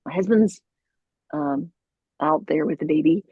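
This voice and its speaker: A middle-aged woman guest telling a story in a casual, animated way, with lots of laughs and fillers. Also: lowish voice, unhurried, vocal fry, husky, dry recording, narrow, tinny audio. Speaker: voice actor guest.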